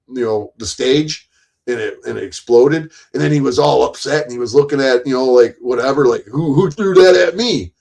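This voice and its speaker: A man tells a long story casually, rambling and swearing, and his voice often jumps louder and higher whenever he acts out quoted lines.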